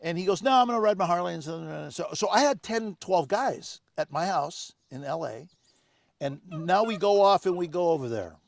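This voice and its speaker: An older man, the guest, telling animated anecdotes in casual conversation, acting out other people's lines. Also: a little high, moderate pace, vocal fry, dry recording, studio quality. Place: home on Maui.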